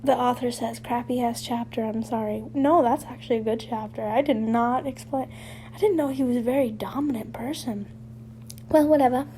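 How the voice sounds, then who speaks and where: A woman's voice: fairly high pitch, normal speed, dark tone, slight background noise. A woman reading fan fiction aloud in a casual way, breaking off to make irreverent, swearing remarks about the text and laugh at it.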